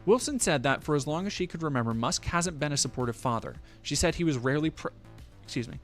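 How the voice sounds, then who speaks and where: A man's voice: a little high, animated, fast, soft background music. Man reading news with sarcastic asides. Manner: reads aloud, then breaks off with profane, sarcastic asides. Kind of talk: casual commentary on a news article.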